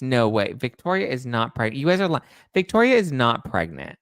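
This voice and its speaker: A man hosting a pop culture show in casual chat, breaking into high-pitched disbelief. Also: big pitch swings, moderate pace, creaky, a bit bright, no room sound. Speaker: pop culture podcast host.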